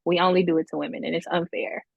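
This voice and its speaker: A woman hosting a casual chat, talking in an animated, emphatic way with quick asides. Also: lowish voice, gravelly, no room sound. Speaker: host. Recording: dull lo-fi dry sound.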